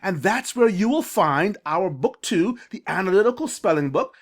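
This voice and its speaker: An eager, emphatic reading coach walks parents through a phonics lesson on a shared screen. The voice sits at an ordinary middle pitch and stretches syllables out slowly. It keeps pulling the listener in with direct questions. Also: animated.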